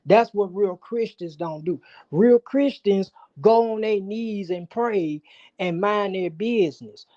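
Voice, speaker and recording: High-voiced guy preaching at someone on a stream, muffled lo-fi audio. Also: slow pace, dark tone. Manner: preachy, emphatic lecturing. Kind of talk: livestream chat.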